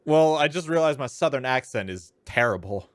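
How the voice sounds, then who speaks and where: A man's voice: mid-range voice, expressive, moderate pace, dry recording. Jokey man reading game lines aloud. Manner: jokey, loud bursts when acting out lines. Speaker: let's play co-host. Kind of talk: casual game playthrough, reading dialogue in voices. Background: game music.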